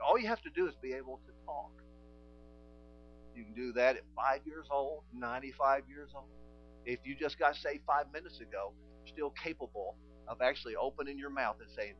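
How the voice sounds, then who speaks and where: A man preaching a sermon, telling stories and acting out conversations in quieter voices. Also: medium pitch, a little fast, lo-fi sound, slight background noise. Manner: animated storytelling, acting out dialogue in quiet voices.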